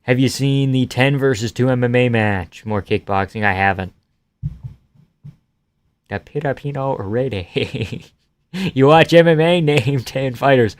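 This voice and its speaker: Man with a smooth voice, offhand stream chat. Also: mid-range voice, a little slow, long pauses, no room sound. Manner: crude, joking, loose and offhand. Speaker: live stream host. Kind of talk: casual live stream chat, reading viewer comments.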